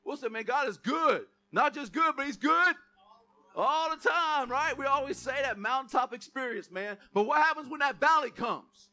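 High-voiced bright male preacher. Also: expressive, normal speed. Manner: call-and-response preaching with asides and jokes; repeats key words with emphasis. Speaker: pastor. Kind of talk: sermon.

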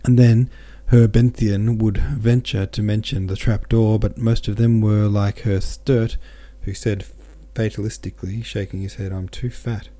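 A male podcast host narrates a classic novel in audiobook style, his voice low and mellow. He reads steadily, a little slowly, with few pauses, fixing small slips as he goes.

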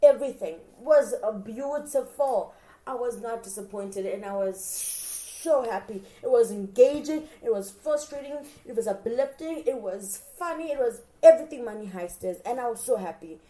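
A woman's voice: fairly high pitch, lively intonation, normal speed, warm tone. A young woman in casual reaction chat, talking straight to her viewers and acting out her own reactions with gushing emotion. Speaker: vlogger reacting to a TV series.

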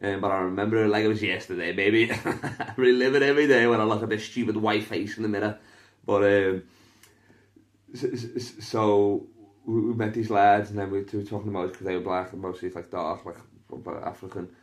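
A man's voice: lowish voice, steady tone, brisk. Sweary Liverpool man telling stories. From Liverpool, England. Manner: loose, rambling and sweary with many fillers. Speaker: stand-up comedian and podcast host. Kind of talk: casual podcast storytelling.

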